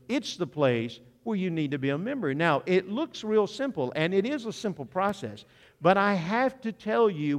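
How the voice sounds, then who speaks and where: Male preacher, storytelling sermon, somewhat high voice, echoing sanctuary. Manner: animated, humorous storyteller, direct appeals to listeners. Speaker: visiting preacher. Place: church sanctuary. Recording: long reverb of a church hall.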